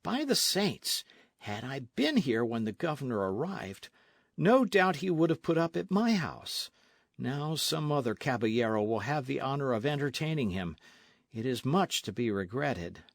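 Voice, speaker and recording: A foppish young caballero prattles in an airy, affected voice, as a man acts him out in an audiobook. The pitch rides high and lively over a dry, close recording. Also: moderate pace, gravelly, no echo. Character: foppish, vain young nobleman affecting idle talk.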